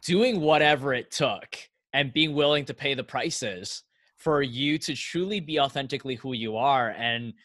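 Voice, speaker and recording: Podcast host, man, mid-pitched, dry close sound, relating and searching. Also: moderate pace, fairly bright tone, dry recording. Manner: empathetic, rambling questions. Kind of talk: interview questions.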